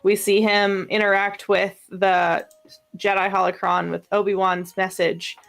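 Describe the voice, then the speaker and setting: A woman's voice: medium pitch, little pitch movement, measured pace, gravelly. A woman co-hosting a casual podcast discussion, talking enthusiastically with lots of fillers. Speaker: podcast co-host.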